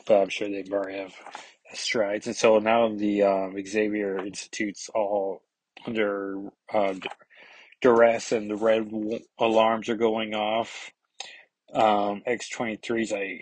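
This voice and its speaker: Brief: laid-back comic reviewer, low-pitched man, husky tone, dry close sound. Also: level tone, slow, no room sound. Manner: rambling, full of fillers. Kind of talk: casual comic recap.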